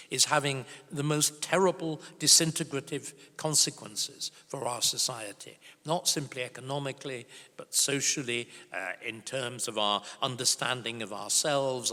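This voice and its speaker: An older man, a historian, speaking at a conference in an emphatic, grave and forceful way. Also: mid-range voice. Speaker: historian giving a conference talk. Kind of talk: conference speech and Q&A answer. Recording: reverberant conference hall.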